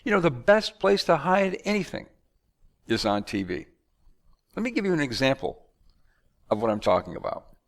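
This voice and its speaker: A man from the United States talking in a conversational monologue, animated and acting out announcers and magicians. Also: a little high, normal speed, vocal fry, pauses often. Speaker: speaker.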